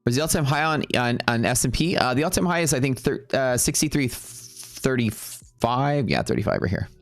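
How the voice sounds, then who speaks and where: A man's voice: medium pitch, animated, moderate pace, no room sound. A man hosting a live day-trading stream, talking loosely and rambling, with some casual swearing. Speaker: day-trading livestream host.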